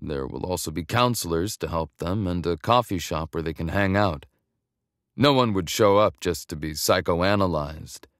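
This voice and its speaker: A man's voice: low-pitched, moderate pace, fairly bright tone, no room sound, clean studio sound. A man voicing a blunt, honorable former soldier in his late twenties who speaks tersely. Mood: steady.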